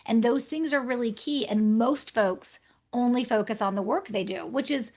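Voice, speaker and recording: A woman guest on a podcast interview with a fairly high voice, explaining ideas with brisk energy. She often slips into playful enacted back-and-forth dialogue as she talks. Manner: energetic, acts out client dialogues. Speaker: guest author.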